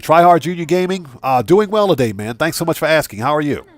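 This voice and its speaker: A man's voice: a little high, animated, fast talker. A man hosting a casual gaming live stream, chatting with viewers, thanking them by name and reading out their messages. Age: adult with a wife and child.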